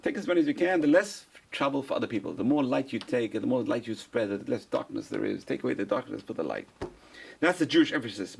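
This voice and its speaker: A man's voice: mid-range voice, gravelly. A man, a rabbi, giving an informal Torah class, repeating phrases for emphasis and answering his own questions.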